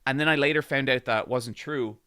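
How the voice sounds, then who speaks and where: A man's voice: mid-range voice, a little fast, sharp tone, smooth. An Irish man in his thirties telling a rambling story to his live-stream chat, swearing and getting worked up. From Ireland.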